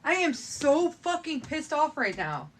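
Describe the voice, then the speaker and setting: A woman's voice: high-pitched, big pitch swings, a little slow, slight background noise. A young woman livestreaming casually to her viewers, shaky and in pain, laughing nervously and swearing through it. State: trembling, in pain.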